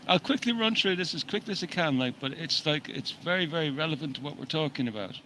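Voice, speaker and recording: A man's voice: on the high side, lively intonation, fast, sharp tone, slight background noise, poor audio. A man co-hosting a casual talk show, rambling with frequent restarts and swearing freely as he reads long passages from an article. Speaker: podcast co-host. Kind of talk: casual chat, reading an article aloud.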